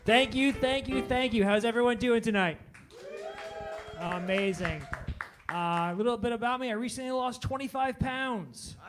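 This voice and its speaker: A man in his forties works through a stand-up comedy set, poking fun at himself with punchy delivery. His voice sits fairly high for a man, and he checks in with the audience after each punchline. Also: normal speed, music in the background. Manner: self-deprecating, punchy, tags jokes with "all right?".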